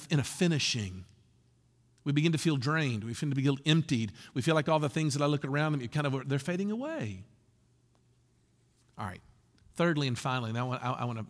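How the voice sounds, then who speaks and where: A man preaching a sermon as a pastor, telling stories and acting out quotes with lively delivery. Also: a little high. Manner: animated storytelling with acted quotes. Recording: long reverb of a large hall.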